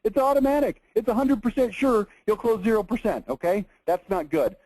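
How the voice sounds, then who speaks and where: A man giving a lively marketing seminar lecture, emphatic and animated, often checking in with "okay?". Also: high-pitched, moderate pace, breathy edge, no room sound, poor audio.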